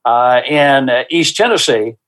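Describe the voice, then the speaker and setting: A man's voice: medium pitch, animated, a bit bright. Earnest man speaking as a guest. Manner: earnest, faith-driven, unhurried. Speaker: guest, small-group workshop facilitator. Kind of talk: interview answers.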